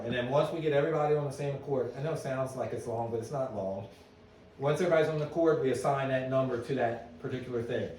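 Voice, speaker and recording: A middle-aged man giving a conference talk to an audience, telling stories in a lively way and asking the room questions. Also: mid-range voice, slight background noise. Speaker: business owner giving a presentation. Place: meeting room at an annual meeting. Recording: echoey hall, voice from a distance.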